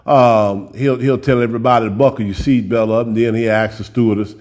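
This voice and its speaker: A man's voice: medium pitch, fairly even intonation, fairly quick, a little mellow. A man preaching a sermon in a folksy, direct way, often repeating words as he builds up a point.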